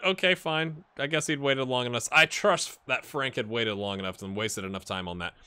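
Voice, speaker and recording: Bright-voiced man chatting over a game. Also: mid-range voice, moderate pace, few pauses, clean tone. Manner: chatty, rambling, talks to the viewers. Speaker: gaming channel host. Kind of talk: casual let's-play commentary.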